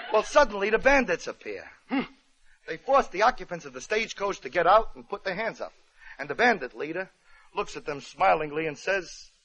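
A man's voice: a little high, a bit bright, dull audio. A male comedian narrating a parody story, with chatty wisecracking asides, on an old radio recording.

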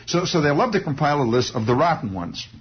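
A man's voice: a little high, very animated, fast talker, slight background noise. A man telling a rambling comic monologue in a wry storytelling manner, throwing in sound effects. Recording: dull lo-fi recording.

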